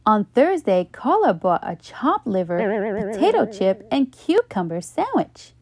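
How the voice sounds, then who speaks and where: A woman reading a children's bedtime story aloud in a slow, expressive way. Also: mid-range voice, husky, no room sound, studio quality.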